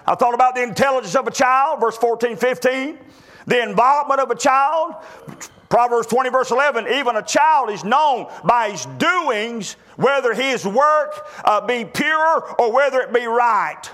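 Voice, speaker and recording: High bright preacher man. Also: moderate pace. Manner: folksy storytelling with repeated restarts. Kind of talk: sermon.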